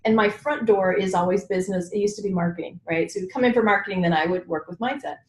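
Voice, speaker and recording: A woman coach, a guest expert in an interview, telling her story in an animated way with laughs. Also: medium pitch, fast, roomy sound. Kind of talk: conversational interview.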